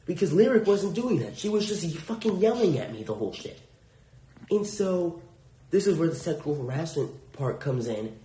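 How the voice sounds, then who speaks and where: Here the young podcast host sounds fairly high and sing-song, with a dark tone and moderate pace. Alone at the mic in an echoey room, he recounts a work story bluntly and with indignation, cursing often.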